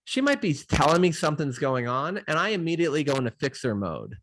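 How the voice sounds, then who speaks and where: A man's voice: a little high, huge pitch swings, fast talker, fairly bright tone. A middle-aged man hosting an interview, telling stories in a loose, rambling way full of fillers and restarts. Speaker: host. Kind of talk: casual interview chat.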